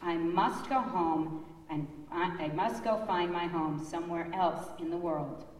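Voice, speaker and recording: A woman voicing a lonely young male dinosaur who hatched among ducks, read slowly and downcast in a storybook voice. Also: lowish voice, lightly acted. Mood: sad. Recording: echoey church hall, far off.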